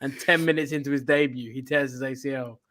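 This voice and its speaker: A man co-hosting a football podcast, telling a story in a relaxed, casual way. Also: medium pitch, fast talker. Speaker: podcast co-host.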